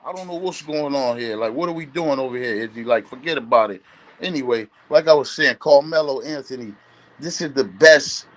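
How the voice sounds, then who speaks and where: A man, a guest on a livestream, loudly teasing and roasting another guest with streetwise banter. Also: medium pitch, fairly quick. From Brooklyn. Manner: loud, teasing, says "B" often.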